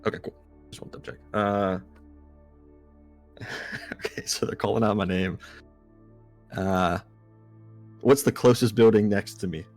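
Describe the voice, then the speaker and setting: A man with a low voice plays a tabletop game, laying out his character's actions slowly with many fillers. He breathes hard into the mic. Faint music sits behind him. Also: fairly even intonation, darkish tone. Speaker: player. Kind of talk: casual tabletop play.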